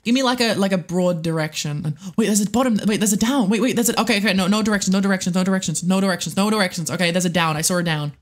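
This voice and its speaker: Jumpy and swearing often, a young adult streamer keeps up a running self-talk while gaming, chatting with viewers and restarting sentences as they ramble. The voice sits mid-pitch.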